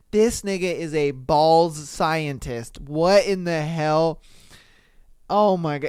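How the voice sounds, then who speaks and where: A man's voice: fairly high pitch, slow pace, a little mellow, clean tone, no echo, clean studio sound. A young man hosting a podcast, reading listener posts aloud and reacting with profane, laughing commentary. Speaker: podcast host.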